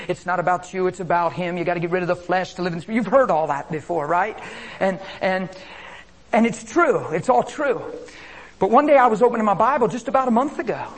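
Male preacher, high voice, fervent sermon delivery, hushed whispers and loud cries, calls out to congregation. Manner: impassioned, swings between hushed whispers and loud exclamations; repeats phrases and calls out to the congregation.

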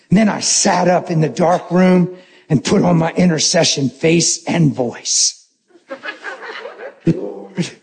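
Male pastor, high voice, animated and joking sermon storytelling. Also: vocal fry.

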